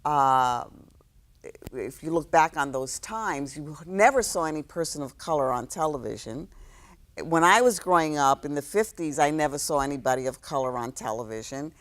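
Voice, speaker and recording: A woman in her sixties from New York City, a guest telling stories in a relaxed interview, reflective, with many fillers and restarts. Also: deep voice, normal speed. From New York City, South Bronx. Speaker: guest, actress.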